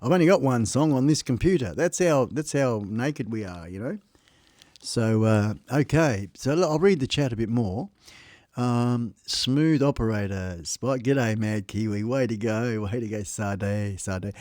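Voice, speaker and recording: A man's voice: medium pitch, a little slow, a little mellow, no echo, clean studio sound. Chatty Australian man streaming live. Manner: chatty and jokey, laughs often, talks to chat. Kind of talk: casual live stream chat. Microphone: close desk microphone. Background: faint music.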